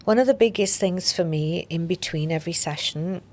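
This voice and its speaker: A woman's voice: fairly low pitch, normal speed. A woman, a podcast guest, telling her story openly and reflectively. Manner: open, reflective, with soft laughs. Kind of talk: candid interview storytelling.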